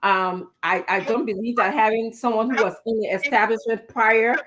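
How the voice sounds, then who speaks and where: A woman, hosting a talk show and asking measured questions with many fillers. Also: fairly high pitch, fairly bright tone. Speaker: host.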